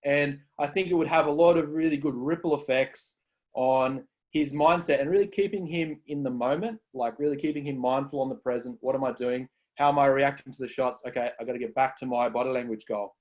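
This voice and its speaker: A man co-hosting a casual podcast, explaining ideas in an earnest, measured way. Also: mid-range voice, steady tone, a little mellow. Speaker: co-host.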